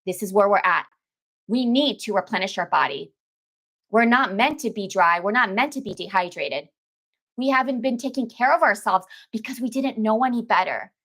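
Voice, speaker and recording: A woman detox coach with a slightly high, lively, somewhat bright voice talks casually to viewers at a moderate pace on a live stream. She speaks emphatically, repeats phrases, and calls them "baby" and "girl."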